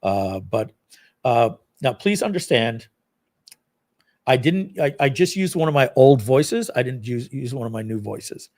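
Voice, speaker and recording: A man hosting a live product launch stream, walking viewers through a software demo in a casual, rambling, self-deprecating way with lots of fillers. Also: mid-range voice, lively intonation, measured pace.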